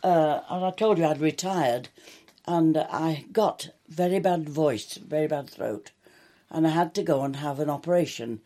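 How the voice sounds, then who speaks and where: Older woman, mellow voice, chatty reminiscing, acted-out quotes. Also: low-pitched, measured pace. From England. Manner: chatty, warm anecdotes with quoted dialogue. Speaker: soap actress. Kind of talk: reminiscing interview.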